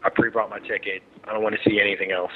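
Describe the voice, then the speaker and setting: A man's voice: lowish voice, little pitch movement, rapid-fire, slightly rough. A man co-hosting a podcast, chatting casually and reacting with enthusiasm and laughs. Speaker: podcast co-host. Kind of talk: casual chat. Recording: tinny phone-like line.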